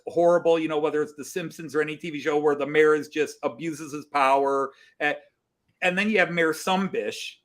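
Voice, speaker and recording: A man hosting a casual group chat, talking in a rambling, animated way with many restarts. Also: fairly high pitch. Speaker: host.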